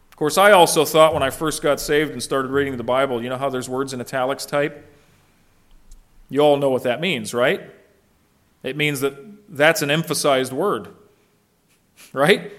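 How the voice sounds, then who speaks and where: A man's voice: a little high, fairly bright tone. A middle-aged man preaching a sermon as a pastor, speaking earnestly and asking the congregation rhetorical questions.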